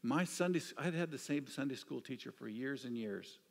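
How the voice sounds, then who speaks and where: A man preaching a sermon, telling stories with an animated delivery that drops to hushed, quiet asides. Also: medium pitch, moderate pace, gravelly. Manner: storytelling, swings from animated to hushed. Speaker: pastor. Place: church sanctuary. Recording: church hall reverb.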